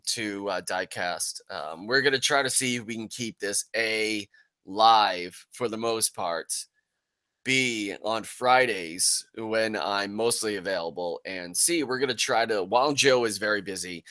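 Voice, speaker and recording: A man's voice: fairly low pitch, measured pace, bright, forceful tone, dry recording. A man hosting a casual live-stream podcast, with a loose, rambling, jokey way of talking into a close desk mic. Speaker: podcast host.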